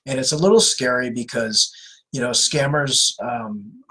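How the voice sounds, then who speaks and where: Husky-voiced man giving casual advice. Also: medium pitch, a little slow, bright, forceful tone, low-quality recording. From California. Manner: earnest, conversational, many fillers and restarts. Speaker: host of anti-scam live Q&A. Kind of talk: casual live-stream advice.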